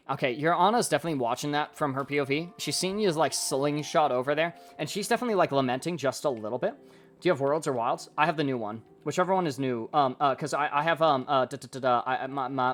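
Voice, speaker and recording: A man giving casual live-stream coaching commentary on gameplay, excitable and rambling as he thinks aloud. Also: medium pitch. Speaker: game coach reviewing gameplay.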